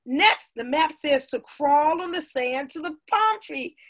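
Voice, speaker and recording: Lively woman reading a children's story. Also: sits high, measured pace. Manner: lively, addresses the listening children directly. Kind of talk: reading a children's picture book aloud.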